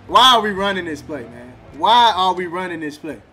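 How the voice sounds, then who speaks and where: A man commenting on his own football video game as he plays, excitable and trash-talking, often breaking into laughter. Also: high-pitched, normal speed, soft background music. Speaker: gaming YouTuber. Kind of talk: live gameplay commentary.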